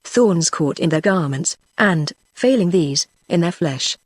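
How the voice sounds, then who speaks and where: A text-to-speech voice reading a novel aloud at an even, unhurried pace. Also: mid-range voice, no echo. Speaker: audiobook narrator. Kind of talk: synthetic text-to-speech narration.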